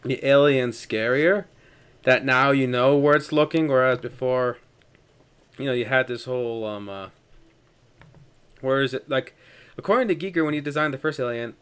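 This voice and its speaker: A man in casual film discussion, chatty and quick to laugh as he retells scenes. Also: mid-range voice, a bit bright, clean tone.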